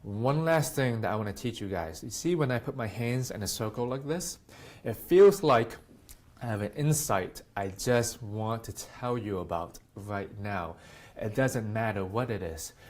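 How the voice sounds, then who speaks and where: A man's voice: on the low side, animated, a little slow, darkish tone. A man teaching public speaking tips in a casual talk to camera, often acting out example lines in a livelier, raised voice.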